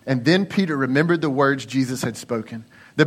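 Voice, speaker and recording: A man's voice: medium pitch, normal speed. A male lead pastor preaching a sermon in an earnest, conversational way, repeating phrases for emphasis.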